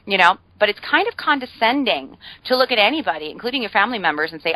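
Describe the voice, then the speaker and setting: A woman's voice: mid-range voice, sing-song, fast, hardly any pauses, pushed and bright, no echo, poor audio. A woman guest on a podcast, explaining ideas in a chatty way with frequent fillers and playful humor. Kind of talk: casual podcast conversation.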